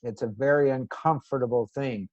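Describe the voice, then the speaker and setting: A man chimes in on a team call with measured, earnest remarks. His voice is mid-pitched and comes through dry and close, with a somewhat dull, muffled sound. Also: no echo. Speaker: team member. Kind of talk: casual meeting talk.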